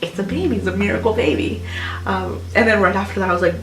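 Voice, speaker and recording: A woman's voice: medium pitch, a little fast, distant mic. Chatty young woman in an echoey room. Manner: chatty and rambling, full of "like" and "um". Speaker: vlogger. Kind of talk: casual personal storytelling. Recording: roomy echo with music behind.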